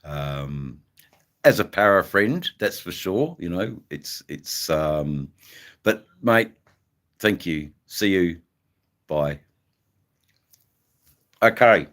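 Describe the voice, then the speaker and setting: Chatting with his viewers in a loose, wandering livestream, this middle-aged Aussie host sounds low-pitched, animated and a bit bright. He talks extremely slowly, pausing often, with plenty of ums and mates in his Australian accent.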